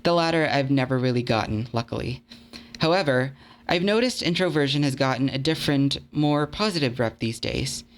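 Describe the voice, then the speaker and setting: A man's voice: mid-range voice, expressive, a little fast. A young man narrating a video essay in an earnest, conversational, slightly self-deprecating way. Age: young adult.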